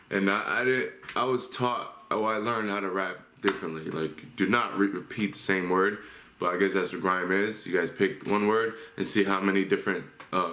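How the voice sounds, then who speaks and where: A man's voice: deep voice, a bit bright. A man hosting a reaction video, chatting casually and thinking aloud about the lyrics he just heard. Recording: roomy echo with faint noise.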